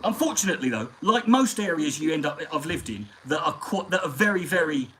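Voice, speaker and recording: A man's voice: a little high, big pitch swings, a little fast, a bit bright, a little hiss or hum, low-quality recording. Foul-mouthed Englishman rambling on stream. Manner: profane, rambling storyteller. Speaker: live stream host. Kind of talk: casual anecdotal chat. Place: at home on a live stream.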